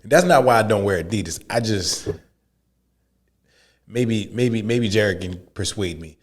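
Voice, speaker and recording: Male podcast co-host, low voice, blunt ranting, casual joking. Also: animated, unhurried. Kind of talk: casual chat. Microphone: headphones and podcast mic.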